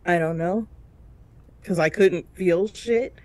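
A woman's voice: mid-range voice, measured pace, a little mellow, no echo. Woman telling a heavy story with laughter. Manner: emotional storytelling with big voiced reenactments, laughing through tears. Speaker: co-host of a reality show review podcast. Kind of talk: casual chat.

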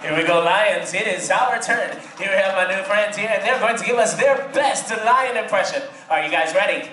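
A man's voice: high-pitched, normal speed, pushed and bright. A man playing a vain troupe singer who leads the audience in lion roars. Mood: rousing. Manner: bold, rousing the audience. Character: vain good-looking male troupe singer. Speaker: stage show performer. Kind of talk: live theater audience play. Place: large theater-in-the-round with an audience. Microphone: camcorder in the audience. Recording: echoey live venue with crowd.

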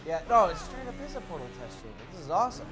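A man's voice: high-pitched, sing-song, rapid-fire, gravelly, fairly bright tone, a faint crowd. A young man co-hosting a gaming show, whooping and exclaiming as he reacts to the game. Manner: whooping, exclaiming, laughing along. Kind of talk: excited gameplay commentary. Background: game music.

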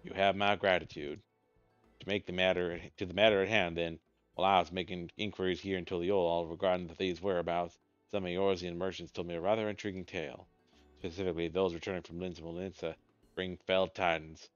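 Man putting on a male traveler, American Southern accent, solemn, deep voice, dull recording. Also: flat delivery, a little fast, clear, resonant tone, dry recording, natural voice. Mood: earnest. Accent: American Southern put-on. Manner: solemn, reading game dialogue aloud. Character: formal male traveler with a mission. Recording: dull lo-fi mic with faint game music.

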